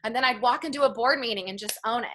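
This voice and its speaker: A woman in her thirties telling her personal story in an interview, earnest and reflective, often slow and emotional. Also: on the high side, fairly bright tone, slight background noise. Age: 30s. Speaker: interview guest.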